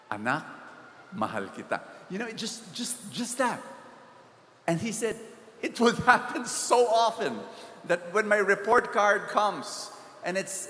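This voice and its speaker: A man's voice: high voice, a bit bright, slight background noise. A man with a Filipino accent preaching a sermon, telling a story and pleading, rising to emphatic peaks. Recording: echoey hall, faint ambience.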